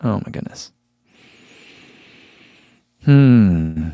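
A man's voice: lowish voice, lively intonation, extremely slow, clear, resonant tone, dry recording, narrow, tinny audio. A man reviewing running gear in a casual live chat, musing aloud with fillers and reading out viewer comments.

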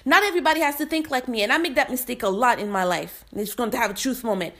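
A woman's voice: fairly high pitch, rapid-fire, fairly bright tone. A young adult woman giving impassioned personal commentary, heated and blunt, swearing freely.

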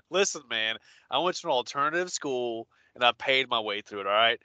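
A man's voice: medium pitch, lively intonation, normal speed, pushed and bright, clear, resonant tone, dry recording, lo-fi sound. A man co-hosting a podcast in casual chat, blunt and joking, with some swearing. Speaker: podcast co-host.

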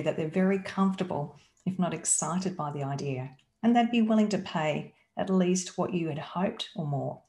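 Aussie woman coaching, lowish voice, leans on words and asks lots of questions, echoey room. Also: a little mellow. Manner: emphatic, coaxing, asks rhetorical questions. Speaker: business coach. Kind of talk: teaching talk. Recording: roomy echo.

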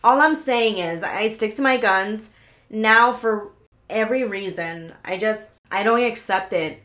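A woman hosting a solo podcast, talking in an excitable, rambling way, swearing often, stopping herself and restarting, pacing as she talks. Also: medium pitch, measured pace, slight background noise. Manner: paces around while talking. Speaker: podcast host. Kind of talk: casual solo podcast rant.

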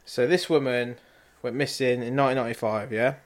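A man's voice: medium pitch, steady tone, brisk. Laid-back young British man telling stories. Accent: British English. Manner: laid-back, storytelling, laughs at own bad accents. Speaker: podcast co-host. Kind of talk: casual chat. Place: flat, indoors.

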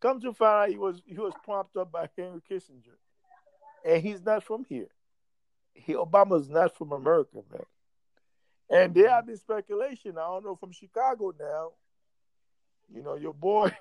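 A man's voice: high voice, expressive, measured pace, gravelly, long pauses, a little mellow, dry recording. A man in casual chat who talks in a rambling, profane way and laughs often.

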